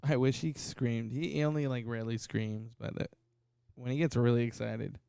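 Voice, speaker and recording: Hesitant man with a gravelly voice. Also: mid-range voice, steady tone, moderate pace, dark tone, no room sound, clean studio sound. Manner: hesitant, stumbling restarts, swears casually. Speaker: podcast host. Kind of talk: casual podcast chat.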